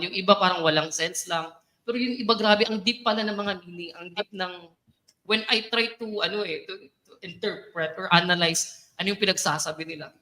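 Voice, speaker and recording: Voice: medium pitch, sharp tone, low-quality recording. A young adult Filipino speaker giving a chatty, playful talk at a student orientation, laughing often. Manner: chatty, playful, mixes English and local phrases, laughs often.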